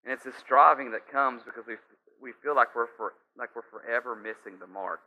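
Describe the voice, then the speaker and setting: A man's voice: mid-range voice, fairly quick, pushed and bright. A man preaching a sermon in a conversational, storytelling way, with frequent asides to the listeners. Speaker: pastor. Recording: slightly dull lo-fi sound.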